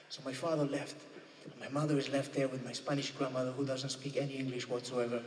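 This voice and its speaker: A man's voice: medium pitch, level tone, fast talker. A man doing live stand-up comedy in a church, chatty and constantly checking in with the audience. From United Kingdom. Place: church used as a venue. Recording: echoey church hall from a distance.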